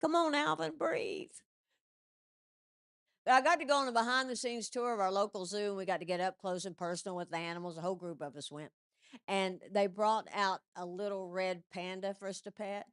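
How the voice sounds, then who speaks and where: Woman comic doing stand-up, animated, laughs at her own stuff, dry close mic sound. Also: mid-range voice, fast, smooth, no echo. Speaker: comedian. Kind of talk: stand-up comedy.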